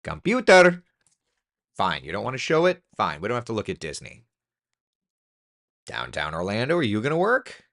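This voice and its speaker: A man's voice: fairly low pitch, huge pitch swings, a little fast, gravelly, pauses often, a bit bright. A man hosting a casual weather live stream, chatty and joking with viewers as he reads through the forecast. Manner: chatty, talks to the computer in mock frustration.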